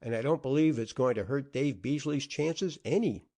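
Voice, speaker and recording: A man's voice: mid-range voice, moderate pace, mellow, voice pushed up, natural voice. A man reading an audiobook, voicing a cordial, eager young male newspaper reporter. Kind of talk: audiobook character voice.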